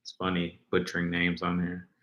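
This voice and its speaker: A man's voice: low voice, completely flat delivery, moderate pace, a bit bright, reverberant, muffled recording. A man hosting a casual livestream, rambling and reading viewers' comments aloud as he talks. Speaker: livestream host.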